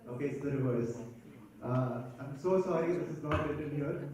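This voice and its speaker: Hoarse young guy running votes, kinda high voice, far off in a super echoey hall, some faint noise. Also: normal speed. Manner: hesitant, joking asides. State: hoarse throat. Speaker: assembly chair. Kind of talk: chairing voice votes. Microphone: far from the mic.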